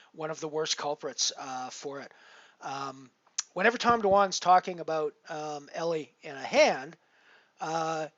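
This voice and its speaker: Guy rambling on his poker stream, kinda high voice, dry slightly muffled mic. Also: dry recording. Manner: rambling, frequent fillers and restarts. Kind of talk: casual live-stream commentary.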